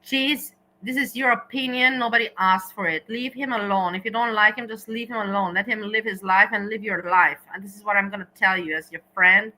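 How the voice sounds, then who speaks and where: A woman's voice: mid-range voice, fairly even intonation, brisk, hardly any pauses, pushed and bright, poor audio. A woman hosting a casual livestream, talking straight to her viewers and slipping in German words. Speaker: livestream host.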